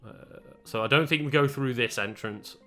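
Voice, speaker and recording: Let's play co-host: man, bright tone, halting casual commentary, faint game music underneath. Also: mid-range voice. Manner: hesitant, full of fillers and restarts.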